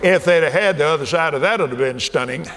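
Folksy preacher in a reverberant hall. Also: male voice, fairly high pitch, fast talker, a little hiss or hum. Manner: folksy, swings from soft murmurs to shouted exhortation. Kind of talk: sermon. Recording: hall reverb, faint ambience.

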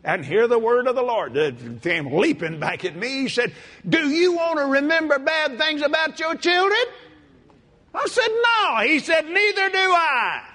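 A man preaching a sermon in a folksy, animated way, breaking into shouts and laughter. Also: very high-pitched, unhurried. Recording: long hall reverb.

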